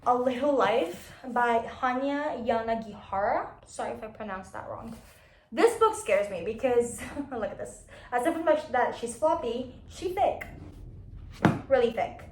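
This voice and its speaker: A young woman chatting casually about her unread books, rambling with restarts and quick apologies. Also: fairly high pitch, reverberant, a little hiss or hum. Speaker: book vlogger.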